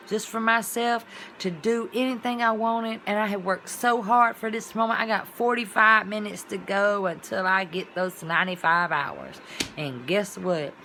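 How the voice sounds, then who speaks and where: A woman's voice: mid-range voice, normal speed, pushed and bright, a little hiss or hum. A woman vlogger talking in a casual, rambling monologue, with colloquial, folksy phrasing and sound-effect words.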